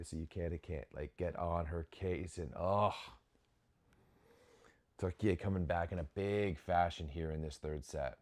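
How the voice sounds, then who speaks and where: A young man with a very low voice talks through a match in casual live commentary. He reacts with sudden excited outbursts and often restarts his sentences as he watches, like a host chatting over the game. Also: unhurried.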